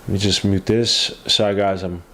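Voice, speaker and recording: A man's voice: low-pitched, level tone, moderate pace, a bit bright, slight background noise. Man with a stuffy nose calling a game. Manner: loose, rambling play-by-play with frequent asides. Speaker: podcast host. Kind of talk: casual live game commentary.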